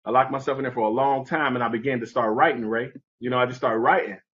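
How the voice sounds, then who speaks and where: A man with a medium-pitched, quick-paced voice tells a personal story as an interview guest, animated and conversational, acting out the people in it. The audio is dull.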